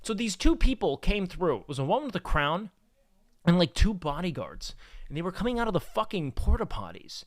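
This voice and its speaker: A man's voice: high-pitched, sing-song, brisk, dry recording, studio quality. A man streaming, chatting casually and telling rambling, profane stories.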